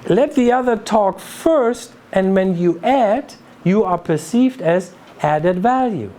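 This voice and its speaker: A native German speaker giving an instructive business talk in a measured, didactic way, demonstrating phrasing aloud. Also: medium pitch, lively intonation, dark tone.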